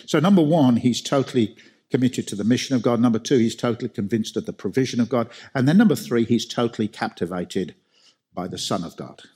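Husky-voiced male preacher. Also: medium pitch, fairly quick, warm tone. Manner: emphatic, with rhetorical questions and repetition. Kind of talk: sermon.

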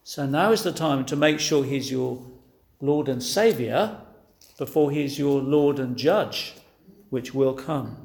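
Earnest preacher in an echoey room. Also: male voice, medium pitch, slow pace, gravelly, a little mellow. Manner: earnest, pleading, rhetorical questions. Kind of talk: sermon.

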